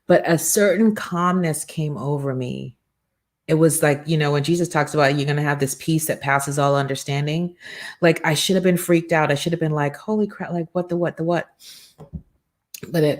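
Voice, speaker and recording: A middle-aged woman hosting a morning livestream show, giving an energetic, preachy motivational talk and acting out little quoted exchanges. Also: sits low, moderate pace.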